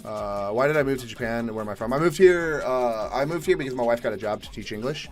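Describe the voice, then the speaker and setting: Young guy from atlanta on a livestream, answering chat, chill with some cussing, quiet music playing behind. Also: medium pitch, animated, quick pace. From Atlanta, Georgia, USA. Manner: laid-back, swears casually, bursts into loud exasperated rants. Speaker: livestream host. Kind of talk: casual live-stream chat reading viewer questions.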